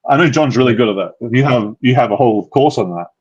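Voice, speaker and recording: A man's voice: mid-range voice, lively intonation, fast, husky, muffled recording. A man with an Australian accent, hosting a live dating-advice Q&A in a casual, rambling way with lots of fillers and restarts. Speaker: dating coach, live Q&A host. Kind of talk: casual live-stream chat.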